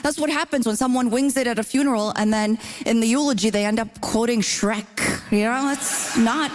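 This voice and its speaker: A woman's voice: a little high, normal speed. A woman from Ontario, a comedian on a panel, chatty and teasing with a habit of saying "you know.". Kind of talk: panel banter.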